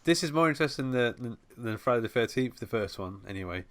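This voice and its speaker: A man's voice: mid-range voice, animated, fast, dry recording. A man rambling through a casual podcast chat about a film, with many restarts and fillers. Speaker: podcast co-host.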